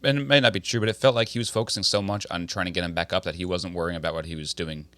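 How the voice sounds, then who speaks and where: A man co-hosting a casual sports recap chat over an online call, quick and animated, laughing often. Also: deep voice, no echo. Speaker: podcast co-host.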